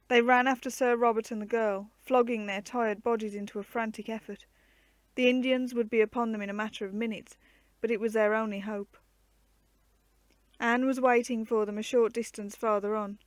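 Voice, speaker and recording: Expressive woman reading a storybook. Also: a little high, dry recording. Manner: measured, expressive narration. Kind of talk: reading a children's adventure book aloud.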